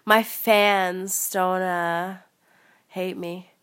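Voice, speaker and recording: A woman's voice: fairly low pitch, fairly even intonation, extremely slow, fairly bright tone, clear, resonant tone. A young woman guesting on a playful mock podcast, giggly, jokey and rambling. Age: young adult.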